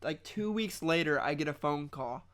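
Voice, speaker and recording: Young male podcast host, loose rambling storyteller, a touch high-pitched. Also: animated, normal speed, fairly bright tone, clear, resonant tone. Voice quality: rambling storyteller, lots of restarts. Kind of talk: casual chat.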